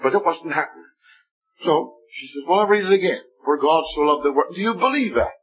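Animated man telling a sermon story. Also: a little high, a little fast. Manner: animated, acts out voices in quoted dialogue. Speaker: preacher telling his testimony. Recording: dull lo-fi recording.

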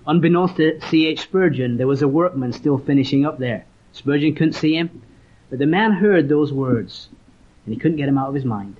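A man's voice: fairly high pitch, moderate pace. A man from England, preaching a sermon and telling stories with earnest conviction. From Leeds, northern England. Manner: earnest storytelling, reads scripture aloud. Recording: dull lo-fi recording.

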